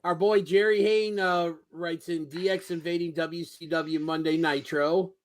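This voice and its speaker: Slightly high man reading listener answers. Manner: relaxed, halting reading with many uhs. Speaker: podcast co-host.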